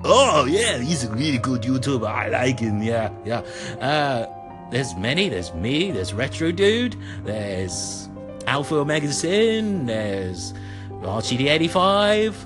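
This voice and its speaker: Giggly rambling male podcast host. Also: mid-range voice. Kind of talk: comedy podcast monologue.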